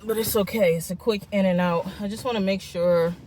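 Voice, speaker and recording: A woman's voice: mid-range voice, steady tone, a little fast, mellow, a little hiss or hum. A woman in her forties vlogging outdoors after a walk, out of breath, chatty and upbeat. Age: 40s. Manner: chatty, upbeat, addresses viewers as friends and y'all. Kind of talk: casual vlog chat. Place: outdoors on a walking trail.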